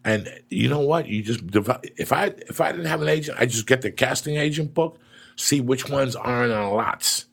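A middle-aged man hosting a casual chat, a profane and animated storyteller with a gravelly, husky voice. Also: medium pitch, moderate pace.

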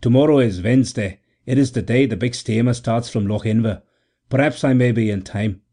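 A tall young forester in a storybook reading, voiced by a man, speaking slowly and quietly, a little hesitant. The voice stays close to the reader's own, warm and mellow. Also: mid-range voice, close to an everyday voice. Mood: resolved. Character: tall young Highland forester, shaken and solemn.

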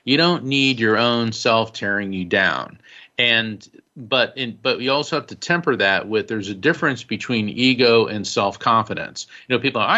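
An author being interviewed, talking casually and with lots of energy, saying "you know" often. His voice is bright and forceful, at a middle pitch. The recording sounds a little dull. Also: normal speed. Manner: animated, fills with "you know", laughs while telling stories. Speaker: author and guest. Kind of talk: casual storytelling in conversation.

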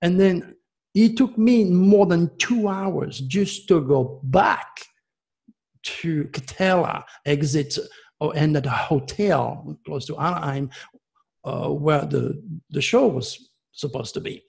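A man tells a personal story in a rambling, excitable way, often restarting his sentences. His voice is gravelly and husky and sits a bit high. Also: slow. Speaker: caller telling a personal story. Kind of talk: casual storytelling.

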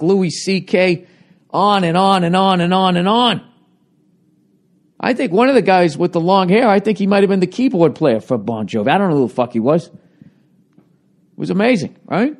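A man's voice: high-pitched, animated, normal speed, a little mellow. Profane, ranting man with a cracking voice. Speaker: stand-up comedian and podcaster. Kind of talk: solo podcast monologue. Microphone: handheld recorder.

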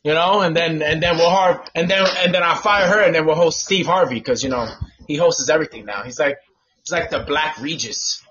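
A man co-hosting a podcast outdoors on a patio, talking loudly with profane, laughing banter. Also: fairly high pitch, fairly quick, highs cut off. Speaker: podcast co-host. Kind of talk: casual chat.

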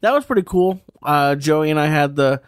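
A young adult man co-hosting a podcast, talking casually in a hesitant, halting way. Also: a little high, animated, clear, resonant tone, no echo, studio quality. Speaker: podcast co-host. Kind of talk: casual chat.

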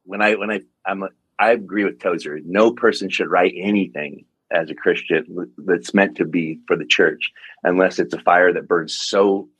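A man in his forties, a pastor and author, telling a personal story in an interview, earnest and reflective with halting restarts. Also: deep voice, steady tone, a bit bright, husky, no room sound, rough recording. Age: 40s.

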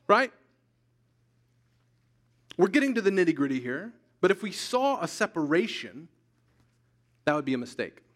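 A man preaching a sermon as pastor, emphatic, repeating key lines slowly for weight. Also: high voice, sing-song, fairly bright tone. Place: church sanctuary.

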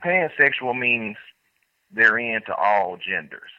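This talk-show caller has a fairly low, animated voice and spins out a rambling story slowly, restarting and breaking into laughter. It comes over a dull lo-fi phone line without echo.

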